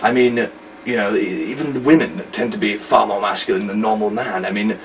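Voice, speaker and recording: A man's voice: lowish voice, a little fast, far from the mic, slight background noise, lightly acted, low-quality recording. A man doing a pompous, lecturing expert. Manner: pompous, hesitant, lecturing with fillers. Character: pompous older male expert on neds.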